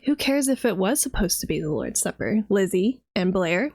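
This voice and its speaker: A woman's voice: medium pitch, expressive, normal speed, a little mellow, no room sound. A woman from the United States who streams as a vtuber, delivering a heated, profane and sarcastic reaction rant.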